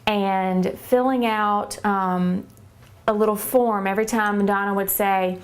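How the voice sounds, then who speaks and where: A woman earnestly telling her faith testimony, halting often with fillers as she talks. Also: medium pitch, steady tone, gravelly. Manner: earnest, hesitant, many fillers. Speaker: church member giving testimony.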